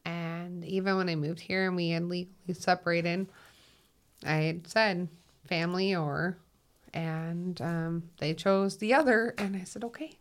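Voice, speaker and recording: A woman with a Minnesotan accent, a guest talking in a reflective, unhurried way and laughing easily. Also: lowish voice, steady tone. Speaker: guest, 911 call taker and dispatcher. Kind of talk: casual conversation.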